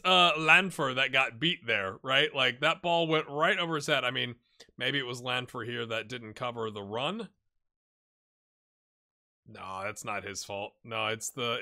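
Animated, bright-voiced male game commentator. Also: fairly high pitch. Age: adult. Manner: excitable, talks to the viewers and the players on screen. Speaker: gaming channel host. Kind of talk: casual let's-play commentary.

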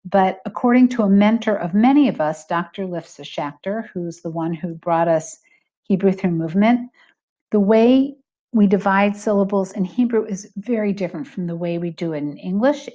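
A middle-aged woman teaching a recorded lesson, explaining patiently and slowing down to stress examples. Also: mid-range voice, dark tone, muffled recording. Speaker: Hebrew teacher.

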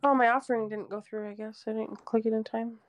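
A woman's voice: fairly high pitch, fairly even intonation, fast talker, a little hiss or hum. A woman playing a horror game on stream, chatting bluntly and swearing freely as she complains about the match. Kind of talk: casual gaming chat.

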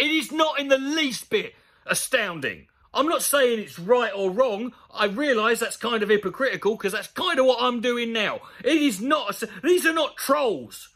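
Sweary, sarcastic man, lively pitch. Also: normal speed. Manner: sarcastic, profane, exasperated asides. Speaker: comedy YouTuber. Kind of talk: sweary comedic rant reading an article aloud.

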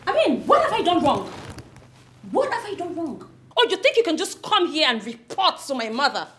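A woman's voice: very high voice, wildly swooping pitch, normal speed, fairly bright tone, full character voice. An actress playing a defiant young woman with a Nigerian accent, confronting her uncle in front of her mother. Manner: taunting, confrontational. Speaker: daughter.

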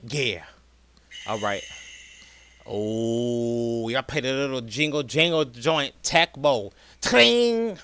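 A man's voice: mid-range voice, slow, fairly bright tone, clean tone, no room sound. A man in his thirties hosting a horror let's play, hyped and slangy, joking with his viewers. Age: 30s. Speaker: gaming channel host.

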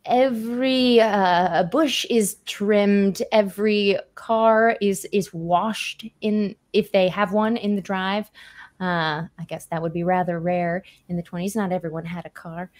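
A woman's voice: mid-range voice, steady tone, measured pace, darkish tone. A woman narrating a tabletop horror game as game master, chatty with many fillers.

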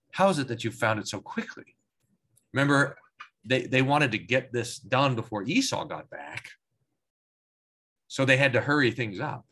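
A man of middle pitch teaches a Bible class as a pastor. He reads passages aloud, then comments in an animated way, now and then restarting sentences as he thinks aloud. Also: slightly rough. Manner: animated, acts out quoted lines with voices, chuckles; restarts and repeats words while thinking aloud. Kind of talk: Bible study lecture, reading aloud and commenting.

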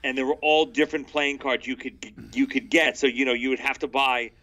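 A man's voice: medium pitch, level tone, fairly quick, sharp tone, rough recording. A man co-hosting a podcast and talking in a casual chat, with an amused, chatty manner and loose phrasing.

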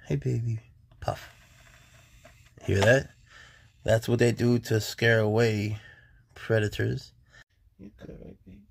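A laid-back man keeping snakes, chatting casually to the camera and talking softly and coaxingly to his animals. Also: lowish voice, gravelly, a little hiss or hum. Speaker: snake keeper.

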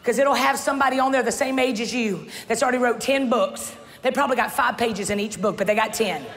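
A woman, preaching a sermon with humor, often shouting. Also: a little high, quick pace. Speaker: pastor. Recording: church hall reverb with faint crowd.

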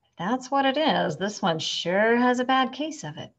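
A woman doing hushed, puzzled ambulance men. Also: fairly high pitch, animated, moderate pace, pitched above the performer's own voice. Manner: whispering, bemused.

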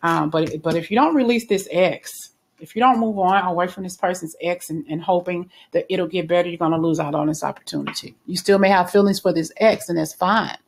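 A woman's voice: on the low side, fairly quick, hardly any pauses, a little hiss or hum. A woman giving a casual spoken tarot reading in a chatty, reassuring way, with frequent fillers and restarts. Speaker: tarot reader.

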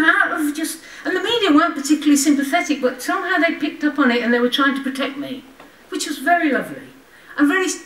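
A woman's voice: high voice, a bit bright. An older woman and former member of parliament giving a personal, anecdotal lecture, talking in a conversational way with frequent ums and wry asides. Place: lecture hall before an audience. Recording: roomy hall, voice from far off the mic.

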